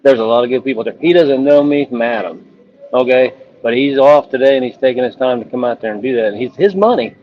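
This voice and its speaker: A man tells an earnest, heartfelt story about the road, his voice sitting at an ordinary middle pitch. He is calling in over a phone, so the sound is muffled and lo-fi. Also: fast talker. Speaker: police officer and ultrarunner. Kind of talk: phone interview update.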